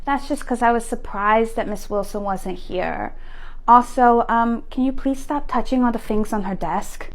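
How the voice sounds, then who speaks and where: A woman's voice: fairly high pitch, normal speed, close to an everyday voice. A woman voicing a blunt, bossy six-year-old child in a comedy sketch. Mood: bossy, indignant. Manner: bossy, blunt, self-important. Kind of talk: comedy sketch character monologue.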